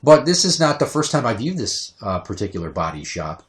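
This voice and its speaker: A man hosting a casual podcast, telling stories in a profane, animated way with quick rants. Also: on the low side. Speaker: podcast host.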